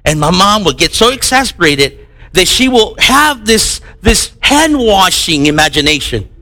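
A man's voice: high-pitched, very animated, measured pace, pushed and bright. A middle-aged man from the United States preaching a sermon, acting out the voices of people in his stories. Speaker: pastor.

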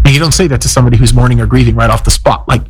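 A middle-aged man preaching a sermon as pastor, emphatic and explanatory, his voice climbing high for emphasis. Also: fairly even intonation, racing, breathy edge, faint music behind, rough recording. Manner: emphatic preaching, pitch swings up when quoting.

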